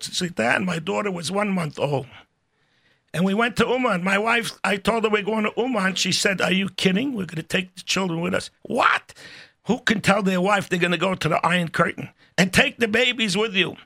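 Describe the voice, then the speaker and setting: An older man telling stories in a casual, animated way, acting out the voices of people in them. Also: high voice, creaky. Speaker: storyteller guest. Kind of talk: casual spoken storytelling.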